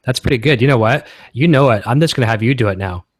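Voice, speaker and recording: A man's voice: medium pitch, fast talker, no room sound. A man from Canada hosting a casual guitar-gear livestream, talking in an enthusiastic, rambling way.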